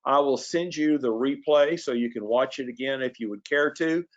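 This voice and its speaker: A man's voice: mid-range voice, moderate pace, highs cut off. A man hosting a sales webinar, talking in a folksy, chatty way with fillers and restarts. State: coughing. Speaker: webinar host. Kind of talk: casual sales webinar talk.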